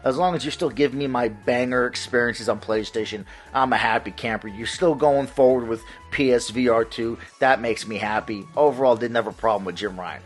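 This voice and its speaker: A man's voice: medium pitch, fairly quick, few pauses, soft background music. A man hosting a gaming vlog, ranting in a profane, heated and mocking way. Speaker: gaming channel host.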